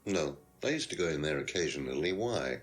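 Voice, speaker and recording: A man's voice: extremely low pitch, expressive, a little fast, faint music behind. An actor playing a smug, condescending male lecturer who is questioned as a suspect in a detective video game, pompous and dismissive. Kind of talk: FMV game acting.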